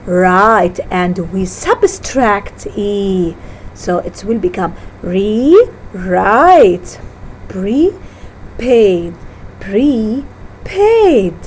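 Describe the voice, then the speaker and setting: Slow, animated woman teaching syllables. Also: medium pitch, slight background noise, low-quality recording. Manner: slow, deliberate teaching with word-by-word repetition; self-correcting, halting phrasing. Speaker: English teacher. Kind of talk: classroom lesson on syllables.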